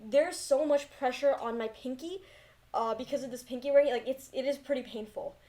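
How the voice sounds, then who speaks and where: A woman's voice: high-pitched, moderate pace, mellow. A young woman giving casual, rambling, self-deprecating commentary on a film, recorded on a laptop mic. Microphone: laptop built-in mic.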